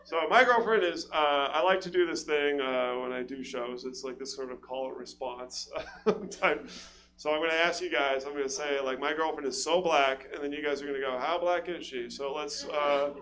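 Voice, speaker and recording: A man's voice: on the high side, normal speed, a bit bright. A man from California doing a rambling, self-deprecating stand-up set, stammering through restarts and laughing at his own jokes on a stage mic before a live audience. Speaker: stand-up comedian. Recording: noisy live show with hum.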